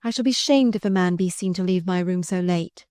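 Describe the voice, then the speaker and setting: A woman's voice: fairly low pitch, brisk, warm tone, no echo, studio quality, close to an everyday voice. A woman reading the part of a proud young woman who speaks derisively and imperiously in archaic speech. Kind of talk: audiobook character reading.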